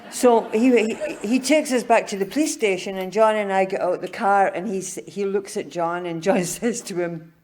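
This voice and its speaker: Older woman, recovery meeting speaker, personal testimony, humorous storytelling, laughs often, soft and tender at moments, middle pitch. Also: moderate pace, hardly any pauses.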